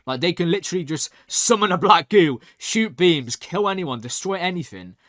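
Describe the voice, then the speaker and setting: Young male reaction host, excitable and rambling, slightly high-pitched, dry room. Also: normal speed, dry recording. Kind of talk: casual recap and review.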